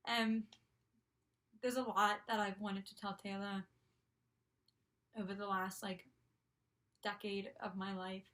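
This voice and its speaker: A woman's voice: medium pitch, level tone, a little slow, pauses often, fairly bright tone. A young woman in her college years telling a story casually, gushing and full of "like" and "um" fillers. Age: young adult. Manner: gushing, filler-heavy, constant "like". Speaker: vlogger.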